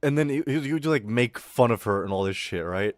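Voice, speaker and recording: A man's voice: mid-range voice, expressive, fairly quick, no room sound. A man streaming live and telling a story in a rambling, profane way, full of fillers. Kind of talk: casual storytelling on a livestream.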